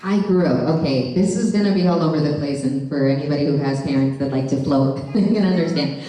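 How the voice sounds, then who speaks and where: A woman voice actress answering fan questions on a convention panel, chatty and animated, laughing often and slipping into Spanish. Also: low-pitched, brisk. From Colombian family, born in Florida. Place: large convention hall. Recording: echoey hall, distant mic, audience noise.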